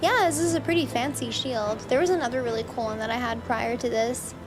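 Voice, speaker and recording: A woman streamer talks casually while playing, musing and second-guessing aloud. Her voice sits high. Game music plays clearly underneath her. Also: fairly quick. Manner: musing, unsure, chatty.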